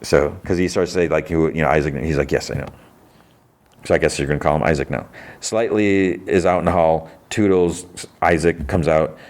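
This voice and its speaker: A man's voice: a bass voice, moderate pace, darkish tone. A man hosting a podcast, casually retelling a TV episode and quoting the characters' lines. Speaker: podcast host.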